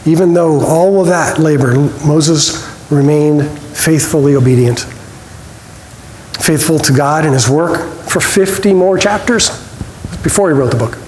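A man teaching a church Bible study, conversational with small restarts, reading scripture with expressive emphasis. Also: a little high, a little slow. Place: church hall. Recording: roomy hall reverb, faint noise.

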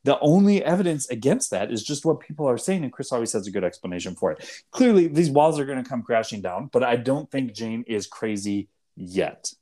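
Guy cohost breaking down a show point by point, middle-pitched, lively up and down delivery. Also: fairly quick, hardly any pauses. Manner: argumentative, lays out points step by step. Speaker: podcast co-host. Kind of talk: casual TV recap chat.

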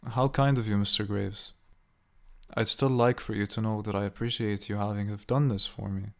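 A man's voice: medium pitch, fairly even intonation, vocal fry, a little mellow, natural voice. Man putting on a cruel old woman. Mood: sarcastic. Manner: mock-sweet, then slow and screaming.

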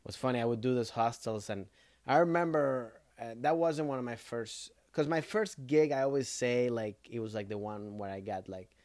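Comedian guy chatting on a podcast, middle voice, kinda halting, lots of "like", dry mic. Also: mid-range voice, darkish tone, no room sound. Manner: loose and hesitant, many fillers. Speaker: comedian co-host. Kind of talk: casual podcast chat. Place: studio couch.

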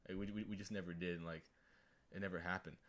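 A young man speaks in a somewhat low voice, halting and repeating words as he tells a story. It is casual podcast chat, full of ums and restarts. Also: fairly even intonation, fairly bright tone. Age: young adult. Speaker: guest, college athlete.

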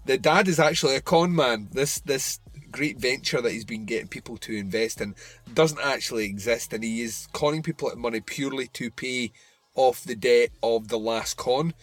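Medium in pitch and moderate in pace, this man co-hosts a podcast and talks loosely about a horror film. His casual movie review chat is full of fillers and swearing.

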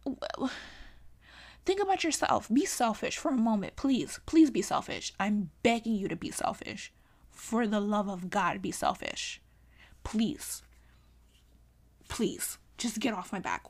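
A young woman talking casually to camera in a vlog, animated and exasperated, pleading with sudden high exclamations. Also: a little slow. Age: young adult. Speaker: vlogger.

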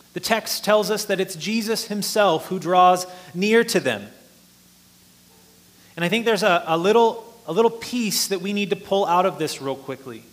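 A man's voice: high voice, a bit bright. A man preaching a sermon, explaining a passage earnestly and rising in force for emphasis.

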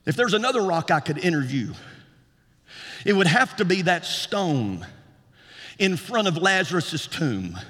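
A man preaching a sermon in a rhythmic style that climbs to shouts and repeats words for emphasis. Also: high-pitched, big pitch swings, measured pace, long pauses. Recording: long hall reverb.

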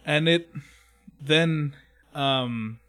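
A man's voice: fairly high pitch, extremely slow, bright, forceful tone. A man in casual chat, retelling scenes with lots of swearing and acting out the characters' lines. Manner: profane, rambling, acts out scenes in quoted voices. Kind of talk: casual chat recapping an anime.

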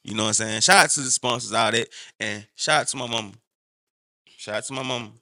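A man's voice: mid-range voice, quick pace, sharp tone, no room sound, studio quality. A man co-hosting a casual chat, brash and promotional, often saying "you know what I'm saying". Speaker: podcast co-host and DJ.

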